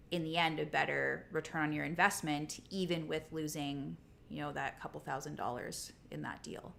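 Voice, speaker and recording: A woman's voice: low-pitched, gravelly, fairly bright tone. A woman co-hosting a casual livestream chat, talking in a conversational way with frequent restarts. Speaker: co-host.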